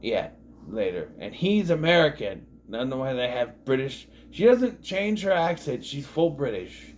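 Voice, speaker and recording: A man's voice: medium pitch, sing-song, moderate pace, a little hiss or hum. A man in his thirties giving a casual episode recap, rambling and sarcastic, full of fillers and asides. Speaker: TV show reviewer.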